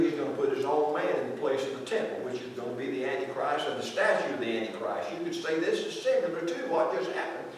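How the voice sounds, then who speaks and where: Preacher in a booming echoey church. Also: male voice, recorded from a distance. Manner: folksy, asks the congregation questions. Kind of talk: conversational sermon. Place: large echoey church sanctuary. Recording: very echoey church recording from afar, faint noise.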